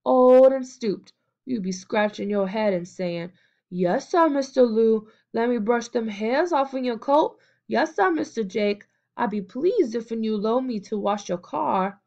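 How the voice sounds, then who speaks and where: A woman's voice: fairly high pitch, unhurried, warm tone, lo-fi sound, pitched above the performer's own voice. A woman voicing a swaggering teenage boy who leads a gang and taunts others in a storybook reading. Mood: mocking. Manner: sneering, taunting, mimicking.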